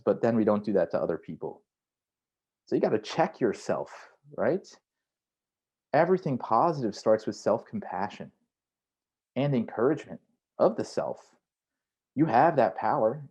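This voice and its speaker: A man's voice: medium pitch, a little mellow, husky. A man who is a career coach, giving an online workshop in a conversational way and often checking in with "right?". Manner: conversational, frequent "right?" tags; acts out inner voices in quotes.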